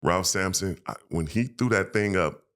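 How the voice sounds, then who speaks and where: A man, a former pro basketball player, telling emotional, animated stories as a podcast guest and acting out quoted voices. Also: deep voice, moderate pace. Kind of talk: casual storytelling interview.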